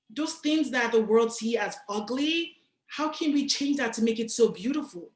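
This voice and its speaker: A young woman from Nigeria giving a casual, animated motivational talk to an audience, speaking directly and with slang. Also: fairly high pitch, normal speed, roomy sound. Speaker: guest speaker.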